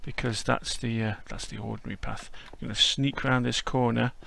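A man's voice: medium pitch, fairly even intonation, a little fast, gravelly, pushed and bright. A man narrating a casual walkthrough as host, chatty and whimsical.

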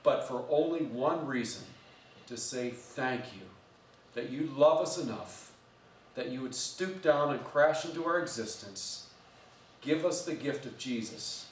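A man, a pastor, preaching a sermon with earnest storytelling that often drops to a soft, intimate hush. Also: mid-range voice, a little hiss or hum. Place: church sanctuary. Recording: roomy church sound, mic at a distance.

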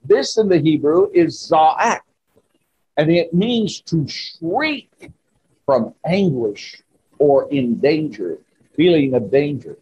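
Slow, husky-voiced preacher man. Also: fairly high pitch, expressive, a little mellow, lo-fi sound. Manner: slow, emphatic preaching with rising exclamations. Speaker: pastor. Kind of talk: sermon. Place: church.

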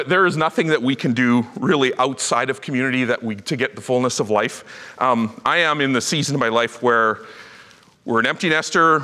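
A man's voice: medium pitch, sharp tone. A middle-aged man preaching a sermon, telling stories animatedly and acting out the voices in them. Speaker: pastor. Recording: reverberant church hall.

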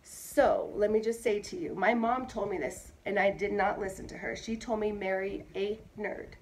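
A woman in her thirties, a mother who sounds hoarse from bronchitis, talking in a chatty, emphatic way and repeating herself in a casual monologue. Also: medium pitch, normal speed, a little mellow, a little hiss or hum, low-quality recording. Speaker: mother vlogging.

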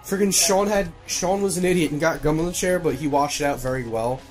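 Excitable young man gaming with friends. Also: a little high, a little fast, music in the background. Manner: excitable, swears, directs the player. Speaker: let's-play co-host and editor. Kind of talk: casual gaming chat. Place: home room with TV game audio.

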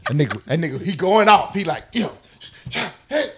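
Animated man telling a wild story. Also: high voice, normal speed. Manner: animated, laughing, acts out quotes and sound effects. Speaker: podcast guest telling a story. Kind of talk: casual storytelling among friends.

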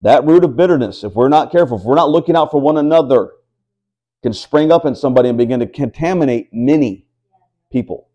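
A man's voice: mid-range voice, animated, quick pace, warm tone, muffled recording. A man preaching a sermon to a house church, reading scripture aloud and asking the listeners rhetorical questions. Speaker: pastor.

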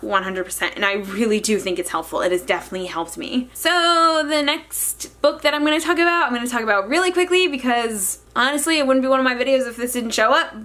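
A young woman talking earnestly and excitedly to camera in a casual vlog about happiness and books. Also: on the high side. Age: young adult. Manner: earnest and excitable, frequent restarts. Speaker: book vlogger.

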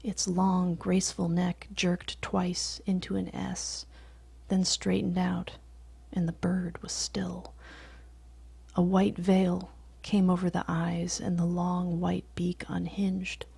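A woman reading a short story aloud in a soft, often whispered voice, slow and steady. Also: fairly low pitch, gravelly, husky, dry recording.

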